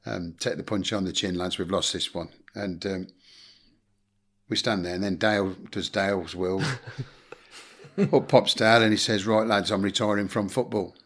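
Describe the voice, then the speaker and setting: Deep-voiced blunt English storyteller man. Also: fairly even intonation, normal speed, fairly bright tone. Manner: blunt anecdotal storyteller, swears, acts out quotes. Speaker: guest, former football manager. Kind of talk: casual storytelling interview.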